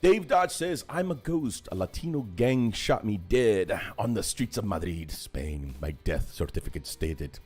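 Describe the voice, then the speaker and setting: A man's voice: unhurried, few pauses, slightly rough, faint music behind. A man hosting a casual livestream chat, rambling and chatty, talking over a video call. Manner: rambling and chatty, animated swings in pitch. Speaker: host of a hobby livestream.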